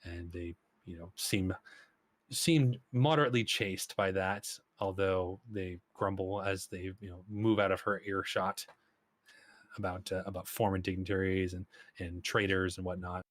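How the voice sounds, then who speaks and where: Low-voiced male game master, rambling narration, dry close mic. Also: steady tone, measured pace, dry recording. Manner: rambling, lots of fillers.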